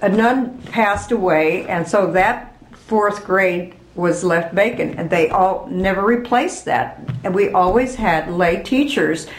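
A woman's voice: medium pitch, slow, echoey room, low-quality recording. An older woman being interviewed, chatty and reminiscing, laughing as she remembers. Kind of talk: oral history interview.

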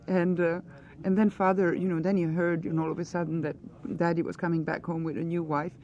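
A woman's voice: lowish voice, little pitch movement, fairly quick, darkish tone, lo-fi sound, a little hiss or hum. A woman answering questions as an actress in a press interview, earnest and searching for her words.

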